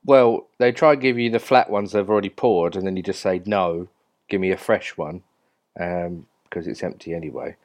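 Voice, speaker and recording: A man's voice: deep voice, normal speed, a little mellow. Joking Cockney man. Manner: joking, easygoing storyteller. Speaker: podcast regular. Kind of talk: casual chat.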